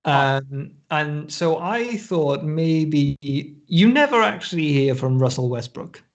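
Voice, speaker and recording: A man co-hosting a relaxed sports podcast, his voice sitting a little higher than most men's. He rambles, restarts his sentences and laughs often. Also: slow pace, dull audio. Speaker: podcast co-host. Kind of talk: casual chat.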